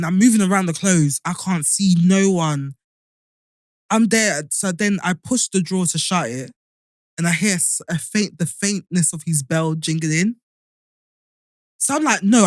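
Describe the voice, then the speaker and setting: A woman, a podcast co-host, telling a story in an animated way and often laughing in casual chat. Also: mid-range voice, no echo, studio quality.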